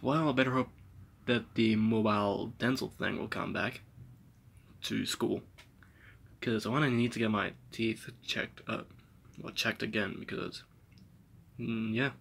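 A man's voice: lowish voice, steady tone, measured pace, creaky, long pauses, a bit bright, husky. A young man rambling through a casual phone vlog, trailing off and chuckling between thoughts. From New Zealand. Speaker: vlogger. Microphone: phone held at arm's length.

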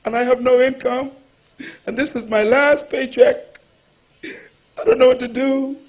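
A man voicing a desperate young mother who has just lost her job, crying and pleading as she rushes through her worries in a higher voice. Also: fairly even intonation. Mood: weeping, desperate. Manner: pleading, breathless rush of worries.

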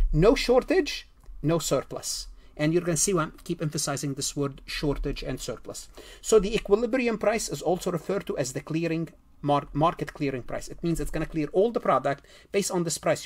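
A man giving a recorded exam-prep economics lecture, repeating himself and asking rhetorical questions. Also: on the high side. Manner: repetitive, rhetorical questions, self-corrections. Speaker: accounting lecturer.

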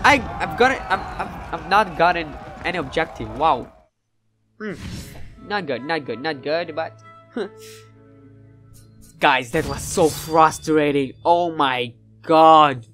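A man giving live gameplay commentary. He is excitable and swears often, and he sounds frustrated during matches and more hesitant when looking back afterward. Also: a little high, slow pace, pauses often, faint music behind.

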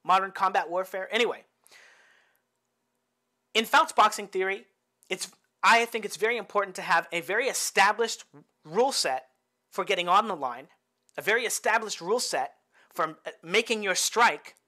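A man's voice: high voice, moderate pace, pauses often, sharp tone. A man who coaches boxing, breaking down fight film in an explanatory way and often checking in with the listener. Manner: explanatory, keeps checking in with "right?" and "okay?".

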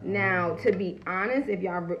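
A woman, talking loudly and profanely on a phone livestream and greeting viewers as she goes. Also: medium pitch, moderate pace, highs cut off, a little hiss or hum. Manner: loud, profane and animated, greeting viewers between points. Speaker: livestream host. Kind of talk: casual livestream talk.

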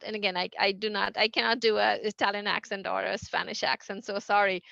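A middle-aged woman answering interview questions in a quick, halting way, full of fillers and restarts. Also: medium pitch, little pitch movement, creaky, pushed and bright, dry recording, lo-fi sound. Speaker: NASA associate administrator, interview guest.

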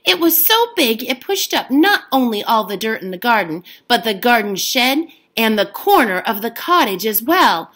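A woman's voice: a little high, sing-song, moderate pace, hardly any pauses, a bit bright. A woman reading a storybook aloud as a teacher, giving the characters their own voices.

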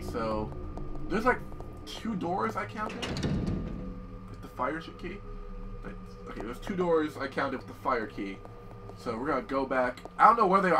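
A man casually commentating on a horror video game as he plays, excitable and swearing often. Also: a little high, far from the mic, noisy background. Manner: excitable, profane, yells at the game. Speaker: gameplay commentator. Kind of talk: casual let's-play commentary.

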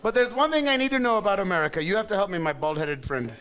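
A man's voice: high-pitched, expressive, racing, noisy background. A man emceeing a burlesque show, bantering bawdily with the audience in live stand-up style. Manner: bawdy, teasing, quizzes the crowd. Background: laughing crowd.

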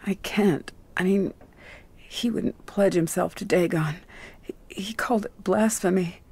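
A scared minister's daughter in a video game. She speaks in an urgent, anxious way, with a breathy, husky voice at an ordinary middle pitch. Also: a little slow, darkish tone. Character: frightened young woman, minister's daughter.

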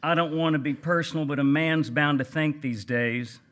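A man voicing a cranky, plainspoken older Texas gentleman writer with a Texan accent, reading aloud with a dry, folksy manner. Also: on the high side, moderate pace, close to an everyday voice. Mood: reflective. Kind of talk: reading aloud at a book event.

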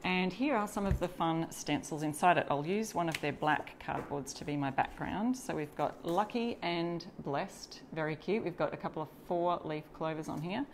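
Chatty Australian woman, lowish voice. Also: normal speed, few pauses, slight background noise. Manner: chatty, greets and reads out viewer comments while working. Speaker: DIY crafter hosting a live stencil demo. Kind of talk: casual live tutorial.

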